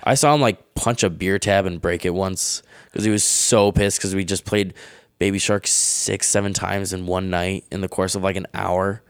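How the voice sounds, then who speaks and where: A man's voice: low-pitched, steady tone, normal speed, clean tone, no echo, clean studio sound. A young man, a comedian guest, telling loose stories in a casual interview with lots of fillers. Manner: loose storyteller, many fillers.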